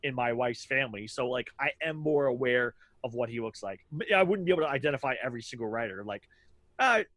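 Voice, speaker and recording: A man's voice: mid-range voice, lively intonation, fast, fairly bright tone, no room sound. A man in his thirties co-hosting a podcast, telling casual stories in a rambling way with lots of fillers and acted-out quotes. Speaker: podcast co-host. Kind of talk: casual storytelling chat.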